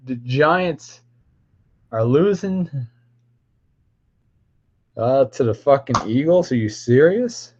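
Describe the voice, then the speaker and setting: Male streamer, mid-pitched, foul-mouthed and rambling, lo-fi recording. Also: mellow. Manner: profane, rambling, confrontational. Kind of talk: casual ranting stream.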